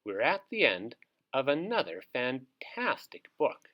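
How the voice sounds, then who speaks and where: A man's voice: medium pitch, huge pitch swings, slow, dull audio. Guy reading a picture book to little kids, upbeat and encouraging, voice bounces all over. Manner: cheerful, encouraging, speaks to small kids. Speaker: teacher reading to young children. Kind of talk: children's read-aloud.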